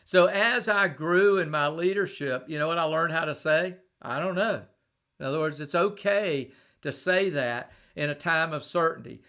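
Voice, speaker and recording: A middle-aged man talks through leadership tips on a live stream, in a bright, forceful voice that sits a little high for a man. He speaks conversationally, tells stories and often restarts or doubles his words. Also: normal speed, hardly any pauses, clear, resonant tone. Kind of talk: live-streamed motivational talk.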